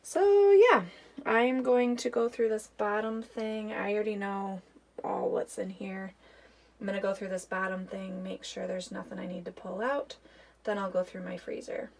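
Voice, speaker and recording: A woman's voice: medium pitch, steady tone, moderate pace, vocal fry, darkish tone. A woman in her thirties chatting casually as she walks through her home storage and pantry, thinking aloud with fillers. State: out of breath after the stairs. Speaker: homemaking vlogger. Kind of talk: casual walk-through vlog.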